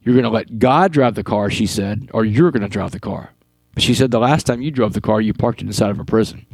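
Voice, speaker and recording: A man from Texas telling his life story as a podcast guest, earnest and animated, acting out dialogue as he goes. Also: fairly low pitch, fast, no echo. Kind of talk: storytelling interview talk.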